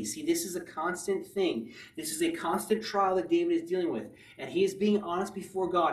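Male pastor, slightly high voice, earnest sermon delivery, echoey room from afar. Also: fairly quick, few pauses, distant mic. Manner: earnest preaching, rising to near-shouts with spontaneous laughs.

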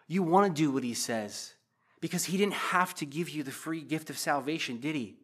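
A man's voice: a little high, normal speed, breathy edge. Earnest man preaching a sermon. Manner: earnest, repetitive, emotional preaching. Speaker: pastor. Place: church.

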